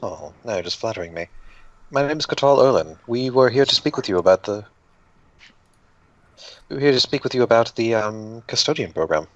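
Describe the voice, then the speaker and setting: A man voicing a young male wizard, polite, measured and slightly formal. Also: mid-range voice, expressive, lightly acted. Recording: dull lo-fi mic.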